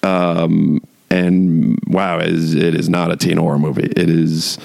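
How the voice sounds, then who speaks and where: A man's voice: sits low, little pitch movement, measured pace, creaky, darkish tone, no echo. A man talking casually in a rambling way, full of "like" and restarts, with wry chuckling asides. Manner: rambling, heavy use of "like", frequent restarts. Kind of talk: casual monologue chat.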